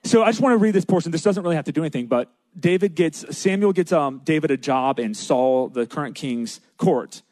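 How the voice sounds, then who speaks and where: A man's voice: fairly high pitch, expressive, a little fast, few pauses, darkish tone, no echo. Man giving a casual sermon. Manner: casual, conversational preaching with asides to the audience. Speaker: pastor.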